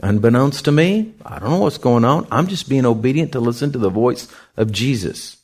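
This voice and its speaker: A male pastor telling a story in a sermon, animated and conversational, acting out other people's lines. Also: medium pitch, normal speed. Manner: lively anecdotal storytelling, acts out others' lines.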